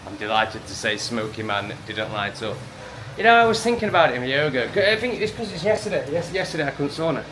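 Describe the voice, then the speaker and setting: A man with an English accent vlogging casually to a handheld camera, swearing and ranting, swinging between loud bursts and low mutters. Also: sing-song, fast talker, background noise. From England. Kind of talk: casual vlog monologue. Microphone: handheld camera on a gimbal.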